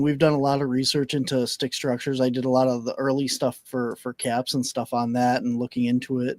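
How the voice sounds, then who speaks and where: A man's voice: medium pitch, dry recording. A man hosting a live online paranormal talk show, easygoing and jokey, with frequent fillers. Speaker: podcast host.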